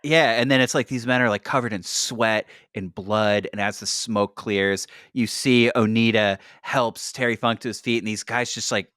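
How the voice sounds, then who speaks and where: A man hosting a podcast in casual chat, excitedly recapping a match and acting out the wrestlers in loud mock voices. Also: lowish voice, moderate pace, few pauses, dry recording, studio quality. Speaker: podcast host.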